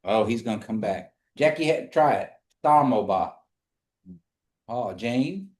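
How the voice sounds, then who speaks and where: A man teaching a language class, slowly drilling words for the class to repeat. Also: medium pitch, expressive, a little mellow. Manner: patient, slow drilling of words for repetition. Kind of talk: live in-person language lesson. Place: classroom streamed online. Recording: echoey room.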